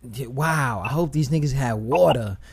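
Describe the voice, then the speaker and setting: A man talking in casual podcast chat, animated and rambling, with lots of slang and "like" fillers as he praises some performing artists. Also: medium pitch, normal speed, creaky, background noise.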